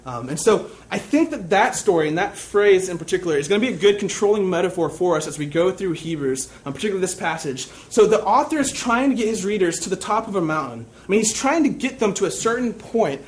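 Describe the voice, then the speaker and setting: A man's voice: sits high, animated, fast, few pauses. A young man preaching a sermon, telling a personal story in a casual, self-deprecating way.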